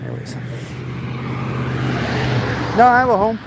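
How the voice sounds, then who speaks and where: A man's voice: very high-pitched, wildly swooping pitch, unhurried, vocal fry. Rambling man on a noisy street. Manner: rambling, stammering, laughs often. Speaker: vlogger. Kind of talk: rambling storytelling while walking. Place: outdoors on a city street. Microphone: phone held while walking. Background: street traffic noise.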